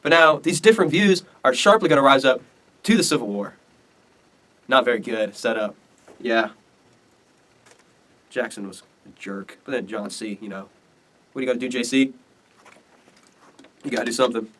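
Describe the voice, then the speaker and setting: A teenage student presenter casually explaining history in a loose, rambling, slangy way. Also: male voice, mid-range voice, animated, brisk, pauses often, fairly bright tone, distant mic.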